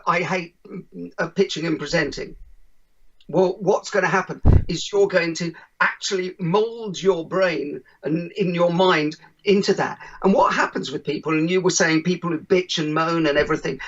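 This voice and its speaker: Man, podcast guest, keynote speaker, animated storyteller, high voice, muffled recording. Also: moderate pace, hardly any pauses. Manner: animated, acts out quotes. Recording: dull lo-fi recording.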